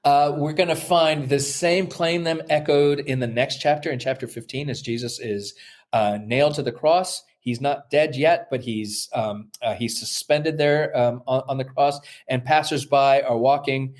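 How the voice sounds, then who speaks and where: A man who teaches New Testament, explaining his research in an interview, thoughtful and halting with many fillers and restarts, acting out quoted voices now and then. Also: medium pitch, fairly even intonation. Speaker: New Testament scholar, guest.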